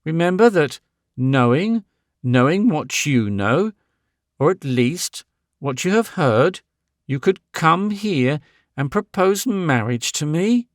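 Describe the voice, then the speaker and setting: A man's voice: sits high, sing-song, takes it slowly, no echo, clean studio sound, voice pushed up, full character voice. A man voicing a proud, icy young woman in an audiobook, cold and clipped, cutting with sarcasm. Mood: icy, sarcastic. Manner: cold, clipped, imperious questioning. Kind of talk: audiobook character voice.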